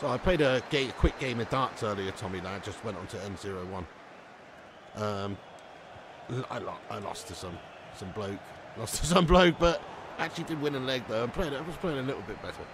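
Give me an excitable man calling a game live for his stream, with plenty of background noise. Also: mid-range voice, brisk. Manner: excitable, yells at the game, chats to viewers. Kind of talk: live gaming stream commentary.

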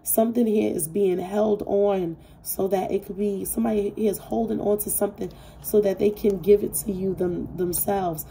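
A woman's voice: medium pitch, fairly even intonation, normal speed, vocal fry, hardly any pauses, dark tone, slight background noise, low-quality recording. A woman giving a casual, heartfelt tarot reading, reassuring the listener over and over and swearing freely. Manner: repetitive, soothing reassurance. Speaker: tarot reader. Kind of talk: intuitive tarot reading to camera.

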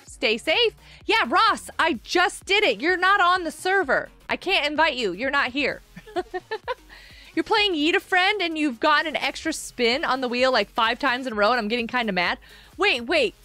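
A woman's voice: sits high, animated, moderate pace, sharp tone, soft background music. A woman streaming a game, chatting casually with her viewers, answering chat aloud and laughing often.

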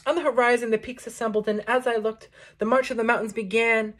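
A woman reading a collection of poems aloud in a slow, measured recitation. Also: fairly high pitch, steady tone. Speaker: poetry reader. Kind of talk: poetry audiobook reading.

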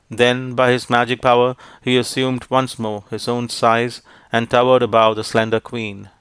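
Smooth, flat-toned male audiobook narrator. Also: mid-range voice, no room sound. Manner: measured, formal storytelling.

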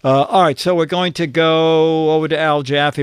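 A man's voice: fairly high pitch, little pitch movement, measured pace, clean tone, no room sound. Dry-voiced male host reading gags. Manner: chuckles at his own punchlines. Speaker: show host. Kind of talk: reading joke answers aloud to a co-host.

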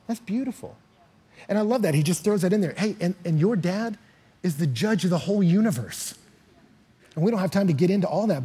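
Pastor, male, animated storytelling sermon delivery, raspy tone. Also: high voice. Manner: animated, storytelling preacher who often laughs.

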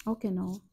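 Excitable woman giving a tarot reading. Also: medium pitch, lo-fi sound. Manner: excitable, exclaiming, breathy gasps and laughs. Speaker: tarot reader.

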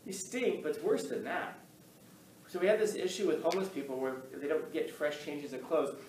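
Animated male teacher in an echoey classroom. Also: fairly high pitch, moderate pace, a little hiss or hum. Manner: animated, acts out quoted voices. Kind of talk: classroom storytelling lecture. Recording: echoey classroom, mic from far off.

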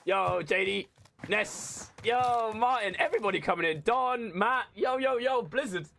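A man in his twenties chatting casually with his livestream chat while gaming, excitable and swearing a lot. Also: high-pitched, normal speed, gravelly. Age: 20s. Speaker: streamer. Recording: noisy background.

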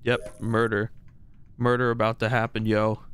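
A man's voice: lowish voice, monotone, normal speed, a bit bright, clean tone. A man streaming a game live, talking to his viewers and teammates in a playful, mock-boastful, chatty way.

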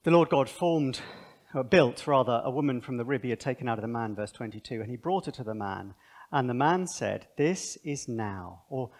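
A man giving a conversational Bible seminar talk, animated and thinking aloud with asides. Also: medium pitch, normal speed. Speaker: seminar speaker.

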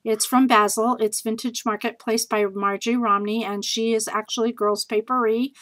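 A woman casually chatting in a home video as she shows off scrapbooking supplies she bought, bubbly and gushing, with lots of fillers and quick asides. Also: fairly high pitch, little pitch movement, a bit bright, low-quality recording. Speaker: scrapbooking vlogger showing a craft haul. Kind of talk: casual haul video chat.

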